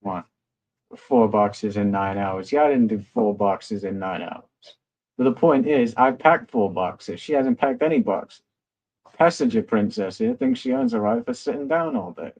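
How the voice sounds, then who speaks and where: A man's voice: medium pitch, sing-song, moderate pace, gravelly, a little mellow, low-quality recording. A young man with a rambling, self-mocking manner, hosting a casual livestream chat. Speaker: livestream host.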